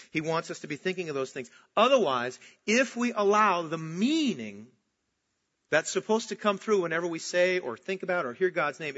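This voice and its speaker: Bright-voiced emphatic male preacher. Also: fairly high pitch. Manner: emphatic, swings from loud outbursts to slow hushed stresses. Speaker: pastor. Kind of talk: sermon. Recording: dull lo-fi recording.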